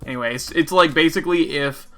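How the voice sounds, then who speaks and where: Excitable man yelping at a game. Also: fairly high pitch, fast talker. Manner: excitable, yelps and laughs often. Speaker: co-streamer. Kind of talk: casual gaming chat.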